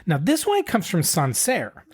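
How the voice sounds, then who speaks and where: A man's voice: high voice, wildly swooping pitch, a little slow, a little mellow, slightly rough. A man co-hosting a podcast in casual chat, explaining things in a laid-back, detailed way. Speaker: podcast co-host.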